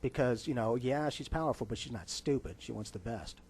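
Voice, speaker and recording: A man with a medium-pitched voice, sitting in as a psychic guest on a radio talk show. He talks with easy confidence and slips into other people's voices when he quotes them. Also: expressive, brisk, a little mellow, husky.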